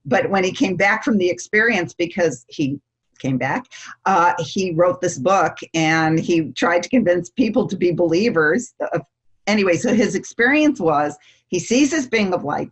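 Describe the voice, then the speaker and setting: A woman's voice: lowish voice, animated, normal speed, slightly rough. A middle-aged woman, a success coach, telling a personal story in an interview, laughing often and acting out what people said. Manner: laughs often, acts out quotes in voices. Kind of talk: animated storytelling.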